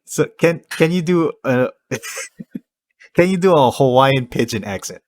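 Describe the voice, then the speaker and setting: A man's voice: mid-range voice, animated, measured pace. A man hosting a podcast interview, speaking in short reactions and asking the guest questions. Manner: short reactions and frequent laughter while interviewing. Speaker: podcast host. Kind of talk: casual interview chat.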